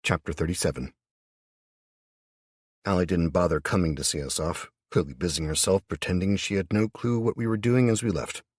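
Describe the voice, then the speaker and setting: Male audiobook narrator, low husky voice, relaxed profane first-person delivery, dry sound. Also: moderate pace, no room sound.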